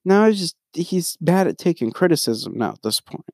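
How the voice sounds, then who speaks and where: Gravelly young man ranting casually. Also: a little high, very animated, normal speed, a little mellow, no room sound, studio quality. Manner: rambling, frequently restarts and sidetracks. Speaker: podcast co-host.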